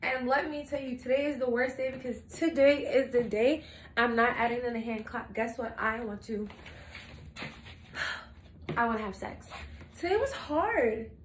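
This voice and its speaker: A young woman with a fairly high voice vents candidly to camera, swearing freely and acting out what she said earlier in the day. The room gives her voice a clear echo, with a faint hiss of ambient noise behind her. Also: a little slow, long pauses. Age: young adult. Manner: animated storytelling, acting out her own quotes. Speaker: vlogger. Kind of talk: casual confessional vlog.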